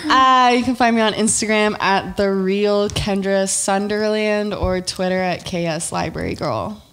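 A woman guest in a casual podcast chat, wry and teasing and quick to laugh. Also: mid-range voice, expressive, fairly bright tone, slight background noise.

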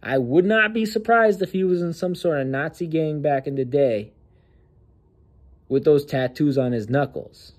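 Casting: male host, casual commentary, mocking and slangy, slightly high voice. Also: moderate pace, a little mellow.

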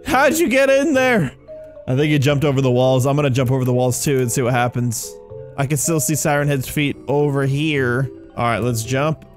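A man giving chatty, excitable commentary while playing a game, often saying "dude" and "like" and jumping into loud, high yelps when startled. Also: normal speed, faint music behind. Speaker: gaming YouTuber. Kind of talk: casual gameplay commentary.

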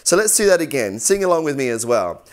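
A man's voice: mid-range voice, big pitch swings, fast. A young man teaching singing in an easygoing, encouraging way. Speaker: vocal coach. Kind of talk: instructional tutorial.

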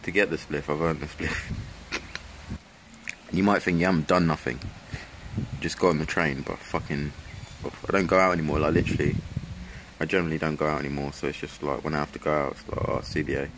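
A man's voice: a bass voice, fairly even intonation, a little fast, pauses often, a bit bright, a little hiss or hum. A young man chatting casually to camera in a laid-back, slangy way, swearing a lot. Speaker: vlogger. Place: at home and outdoors.

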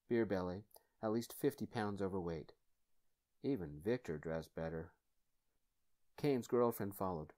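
A man telling a dark first-person story in a calm, soft-spoken ASMR style. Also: fairly low pitch.

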